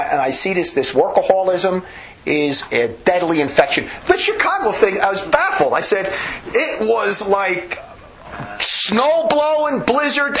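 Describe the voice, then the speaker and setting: A fired-up man preaching a sermon, his voice swinging high and low as he presses each point. He talks in emphatic, rambling bursts full of restarts. The recording sounds dull and lo-fi. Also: fairly bright tone, slight background noise. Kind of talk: impassioned sermon.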